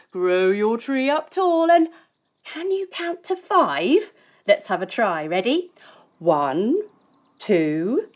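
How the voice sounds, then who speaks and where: A woman leads a children's yoga class while telling an adventure story. Her voice is high and sing-song and swoops up and down. She takes her time, gently guiding each pose. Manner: gentle, playful, guiding movements. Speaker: kids' yoga instructor.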